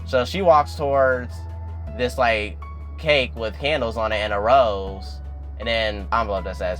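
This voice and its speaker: A man's voice: fairly low pitch, steady tone, a little slow, a bit bright, soft background music. Chatty man recapping a TV episode. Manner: chatty, peppered with "like" and "and everything". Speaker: TV recap vlogger.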